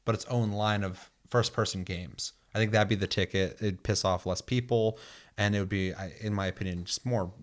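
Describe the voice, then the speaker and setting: Animated ranting man, lowish voice. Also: moderate pace. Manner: animated, ranting, swears freely, acts out quotes. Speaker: podcast co-host. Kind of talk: casual chat about video games.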